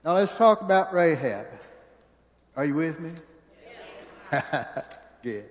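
A man preaching a sermon in a church, telling folksy stories and swinging from hushed asides to booming exclamations. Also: big pitch swings, slow. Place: church sanctuary. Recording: church hall reverb.

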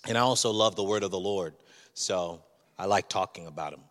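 A man's voice: deep voice, brisk, fairly bright tone, in a large hall. A man preaching a sermon as a pastor, speaking in a candid, conversational and personal way.

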